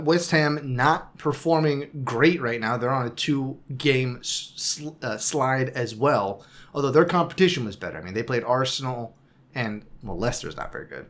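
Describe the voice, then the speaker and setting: A man's voice: mid-range voice, a bit bright. A man talks football on a podcast with easy, wry humor, poking fun at his own team's leaky defense. His voice sits in an ordinary middle register, and he keeps the tone loose and conversational. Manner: chatty, wry, self-deprecating fan. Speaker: podcast co-host. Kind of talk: casual sports chat.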